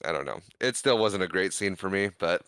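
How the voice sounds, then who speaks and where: A man with a smooth, bright, mid-pitched voice chats about a film on a podcast, offering dry, measured opinions on its scenes. The sound is close and dry. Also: expressive, no echo. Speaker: podcast co-host. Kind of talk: casual movie discussion.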